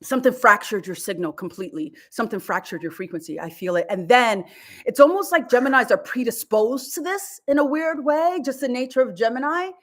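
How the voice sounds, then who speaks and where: Psychic lady on a live stream, calm guided meditation voice, calls ppl sweetheart, swears now and then. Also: fairly high pitch, brisk. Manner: swears casually. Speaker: psychic reader. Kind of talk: live-streamed energy reading.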